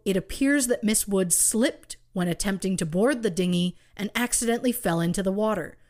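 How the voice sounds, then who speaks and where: A woman's voice: medium pitch, darkish tone. A woman co-hosting a true crime podcast, telling the case with rhetorical questions and wry asides. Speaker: podcast co-host.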